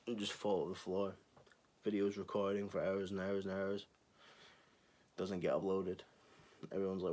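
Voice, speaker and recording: A man's voice: deep voice, flat delivery, moderate pace, vocal fry, long pauses, darkish tone. A man in his twenties hosting his own channel, ranting to camera in a casual, sarcastic and sweary way. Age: 20s. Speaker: channel host.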